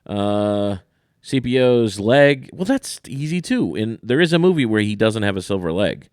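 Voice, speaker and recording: Male podcast co-host, low register, dry sound, animated and scoffing in banter. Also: moderate pace, smooth, no echo. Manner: animated, ranting, dismissive. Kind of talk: casual chat.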